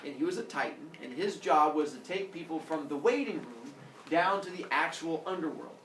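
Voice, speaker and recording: A male teacher telling a story to his class in an animated way, acting out characters with sound effects. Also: on the high side, normal speed, a little hiss or hum. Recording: echoey classroom from far off.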